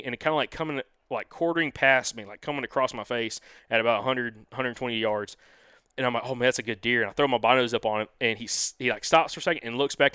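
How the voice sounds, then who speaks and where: A young man tells a hunting story on a podcast at a rapid clip, his voice bright and forward. He is animated and excitable, throwing in "dude" and "freaking" all the time. The sound is dry and close. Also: mid-range voice, clean tone, no echo. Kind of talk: casual storytelling chat.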